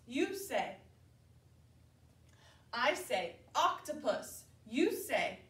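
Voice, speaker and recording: A woman teaching a preschool class, her voice a bit high and her speech slow and deliberate. She sounds out letters with exaggerated care. The recording is roomy and picked up from some distance. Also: big pitch swings, fairly bright tone. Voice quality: clear, exaggerated enunciation of sounds. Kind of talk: slow, deliberate classroom instruction to young children. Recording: echoey room, distant mic.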